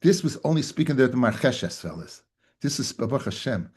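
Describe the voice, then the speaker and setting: A male rabbi leads a daily Talmud class in a husky voice at a middle pitch. He keeps quizzing his listeners with rhetorical questions and repeats phrases for emphasis. He calls them "guys" and mixes Hebrew and Yiddish terms into his English. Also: big pitch swings, brisk, a little mellow.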